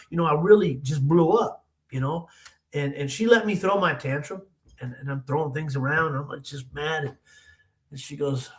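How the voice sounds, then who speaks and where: Man telling an emotional life story. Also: a little high. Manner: emotional, halting, repeats words as he restarts. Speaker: interview guest. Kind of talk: personal storytelling.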